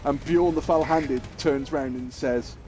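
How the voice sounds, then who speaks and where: A man's voice: mid-range voice, a little slow, warm tone. A man streaming games and rambling through a story, swearing casually, with faint music behind. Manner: rambling, lots of fillers and restarts, swears casually. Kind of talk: livestream storytelling and gaming chat.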